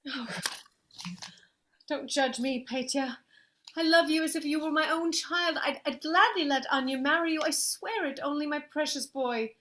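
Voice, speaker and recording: A woman's voice: high voice, normal speed, sharp tone. A woman playing an anxious, pleading noblewoman. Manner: emotional, pleading. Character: anxious aristocratic woman, estate owner. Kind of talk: stage play acting.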